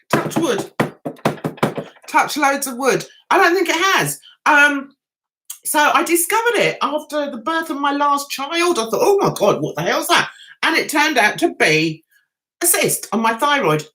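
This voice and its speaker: Giggly high-voiced woman chatting on a livestream. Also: animated, a little slow, pauses often, bright, forceful tone. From England. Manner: giggly, chatty storyteller, laughs often. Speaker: livestream host. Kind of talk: casual livestream chat.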